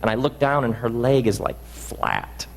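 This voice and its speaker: A man's voice: mid-range voice, steady tone. Earnest man telling a story in a hall. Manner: halting, earnest, with many restarts. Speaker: speaker. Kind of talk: reflective storytelling talk.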